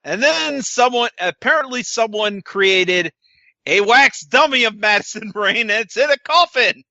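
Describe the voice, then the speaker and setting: A man's voice: extremely high pitch, lively intonation, a little slow, pushed and bright, dry recording, lo-fi sound. A man co-hosting a podcast, recapping wrestling in casual chat with a sarcastic, swearing manner. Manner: sarcastic, swears, quotes wrestlers in put-on voices. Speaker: podcast co-host.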